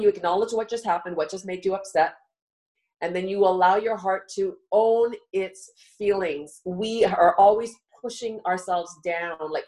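A woman's voice: mid-range voice, darkish tone, rough recording. A middle-aged woman guest on a live talk show, earnestly coaching listeners step by step. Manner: earnest coaching, walks listener through steps. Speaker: guest speaker.

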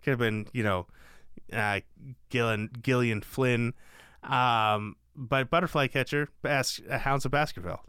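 A man's voice: medium pitch, unhurried, smooth, no room sound, studio quality. A young man co-hosting a podcast, chatting casually and joking with lots of fillers. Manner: joking, lively, filler-heavy. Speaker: podcast co-host. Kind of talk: casual chat.

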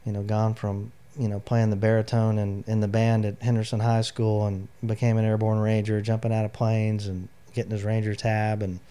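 A man's voice: fairly low pitch, level tone, moderate pace, hardly any pauses, dark tone, smooth. A middle-aged man, an army veteran, telling his personal story in an interview, candid and emotional, with lots of "you know" fillers. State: near tears.

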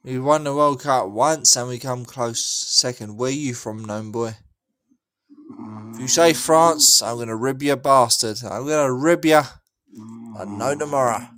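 A man's voice: medium pitch, unhurried, a bit bright. A young drunk man with an English accent, slurring rowdy, crude banter in a casual voice chat.

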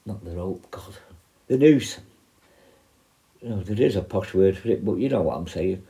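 Man, dark mellow voice, rambling storyteller who corrects himself mid-sentence. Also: sits low, lively intonation, moderate pace. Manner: rambling, self-correcting, acts out quoted voices. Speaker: prison negotiator telling a story. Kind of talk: casual storytelling.

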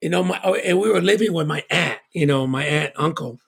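Man from Tonga, husky voice, high pitch, halting, lots of "you know", interview guest. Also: fairly bright tone. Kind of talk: personal storytelling.

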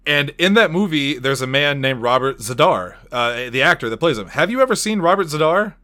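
A man's voice: fairly high pitch, lively intonation, brisk, pushed and bright. A man hosting a casual podcast, rambling through movie trivia and swearing freely. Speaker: podcast host.

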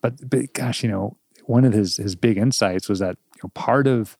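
Middle-aged male guest expert, deep rough voice, reflective, laughs easily. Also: normal speed, no echo, clean studio sound. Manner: warm, laughs often, earnest and reflective. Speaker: podcast guest, temperament expert. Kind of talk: casual chat.

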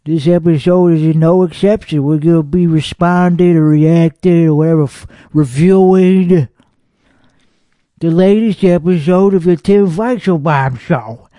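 A belligerent, foul-mouthed comedian rants and rambles, played by a man. His voice sits high for a man, recorded close and dry with no room sound. He jabs and boasts in a rough, combative comedic podcast style. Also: warm tone, no room sound, close to an everyday voice. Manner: profane ranting, rambling and belligerent. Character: hot-headed, foul-mouthed, boastful male comedian host. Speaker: podcast host. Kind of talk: comedic character monologue.

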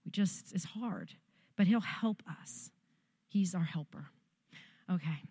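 A woman's voice: lowish voice, dark tone. Earnest woman pastor preaching. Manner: earnest, direct, practical preaching with acted-out quotes. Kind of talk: sermon.

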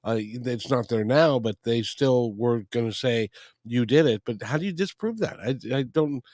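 A male host asks questions haltingly, filling his pauses with "uh" and "um". He has a mid-pitched voice, recorded with a close, dry sound. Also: darkish tone, dry recording. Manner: hesitant, halting questions with fillers. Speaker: interviewer host. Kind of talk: casual interview.

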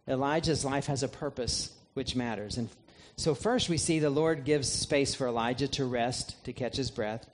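Man, pastor, earnest measured sermon, mid-pitched voice, faint hiss behind.

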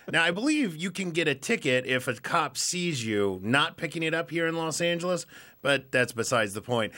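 A man co-hosting a casual chat show, animated and laughing often. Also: fairly high pitch. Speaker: co-host.

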